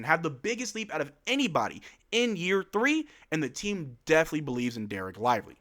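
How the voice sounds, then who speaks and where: A man with a bright, sharp voice delivers chatty basketball commentary in a lively, up-and-down tone. He sounds like an excitable fan host talking straight into a home mic. His pitch sits a little above the usual for a man. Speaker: sports news channel host. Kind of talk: casual sports news commentary.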